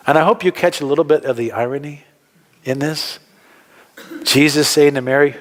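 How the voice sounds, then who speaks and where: Male pastor preaching, kinda higher voice, chatty with questions, long church reverb. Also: steady tone, normal speed. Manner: conversational, asks the congregation questions. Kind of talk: sermon. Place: church hall.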